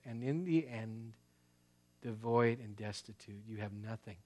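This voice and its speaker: Casual New pastor preaching. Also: male voice, mid-range voice, steady tone, moderate pace, mellow. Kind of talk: sermon.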